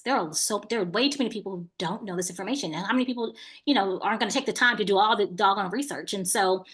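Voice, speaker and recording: A woman in her thirties hosts a webinar, speaking casually to her listeners. She tells her story in an animated way and talks straight to them, with a voice of middling pitch. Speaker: webinar host and business coach.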